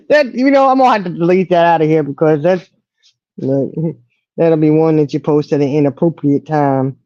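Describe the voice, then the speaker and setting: A woman's voice: low-pitched, unhurried, warm tone, dry recording, lo-fi sound. A woman hosting a casual livestream chat, teasing her co-host and laughing often. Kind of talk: casual chat reading viewer comments.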